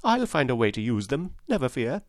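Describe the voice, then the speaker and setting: A man's voice: medium pitch, big pitch swings, brisk, dry recording, studio quality, lightly acted. A man voicing an earnest straw scarecrow in a storybook reading, pleading eagerly in a raised voice.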